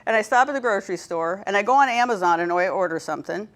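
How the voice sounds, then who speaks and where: Woman, workshop presenter, storytelling, checks in with the room, mid-pitched voice. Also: animated, quick pace, a bit bright. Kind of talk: training workshop talk.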